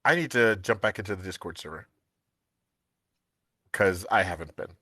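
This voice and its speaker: A man from the United States chatting casually on a live stream as co-host, telling animated family stories and laughing often. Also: deep voice, moderate pace, no echo.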